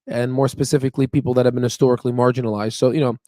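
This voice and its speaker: A man's voice: medium pitch, level tone, racing, mellow, no echo, studio quality. A young man hosting a stock market channel, chatting casually and rambling with fillers and laughs. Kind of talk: casual livestream chat. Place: staying in Memphis, Tennessee. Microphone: on Wi-Fi stream.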